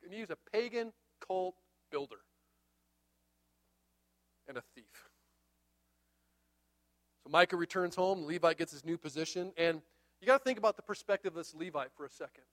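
Man, high voice, pastor, animated sermon storytelling. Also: moderate pace, long pauses. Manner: animated storytelling, acts out the characters.

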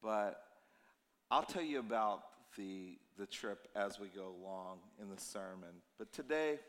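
Tired pastor in an echoing hall. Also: male voice, on the low side, measured pace. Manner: conversational storytelling, animated and emotional in places. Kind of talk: sermon. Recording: long reverb of a church hall.

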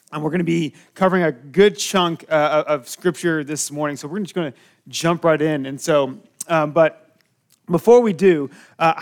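Rambling, slightly high-voiced male pastor. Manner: rambling, many fillers and restarts, lively storytelling. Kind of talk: casual sermon to a congregation.

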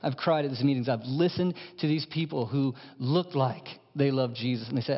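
A man preaching a sermon as pastor, impassioned, dropping to hushed lines and rising to emphatic ones. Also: mid-range voice, moderate pace, breathy edge. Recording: dull sound in a large reverberant hall.

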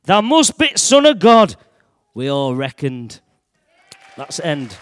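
A man telling a Bible story in the first person to a church audience, in broad dialect and shouting at the dramatic moments. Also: a little high, very animated, slow, a faint crowd.

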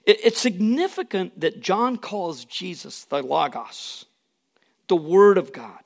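A man's voice: high-pitched, lively intonation, slow, creaky. A man preaching a sermon in an earnest, emphatic way, with casual asides to the congregation. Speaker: pastor.

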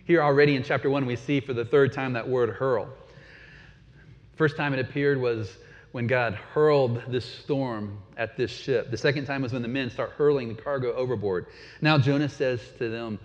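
A man's voice: medium pitch, moderate pace. Man preaching in a reverberant hall. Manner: conversational, asks the listeners questions. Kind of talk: sermon. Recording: dull sound with long hall reverb.

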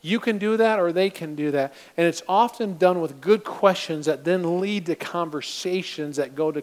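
High-voiced animated preacher man. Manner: animated, acts out scenes in voices. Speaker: pastor. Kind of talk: sermon.

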